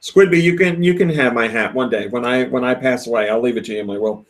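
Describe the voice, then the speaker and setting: A man's voice: medium pitch, quick pace. A man hosting a casual podcast, chatting, laughing often and reading viewer comments aloud. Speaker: podcast host.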